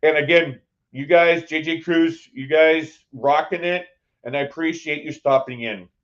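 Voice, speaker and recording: A man's voice: a little high, unhurried, muffled recording. A man live-streaming a casual chat from a cruise ship, rambling with lots of fillers and restarts. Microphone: phone.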